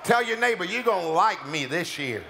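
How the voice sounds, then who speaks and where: A man preaching a sermon as pastor, calling out declarations for the congregation to repeat and rising to shouts, in a church sanctuary with music behind him. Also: high-pitched, big pitch swings, normal speed, gravelly, slight background noise. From United States. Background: music playing under the preaching.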